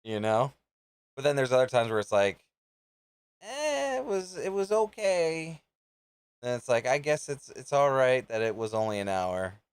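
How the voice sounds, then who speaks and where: A man hosting a live reaction stream, chatting casually and thinking out loud with offhand, rambling asides. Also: medium pitch, brisk, clear, resonant tone, no echo. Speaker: live reaction show host.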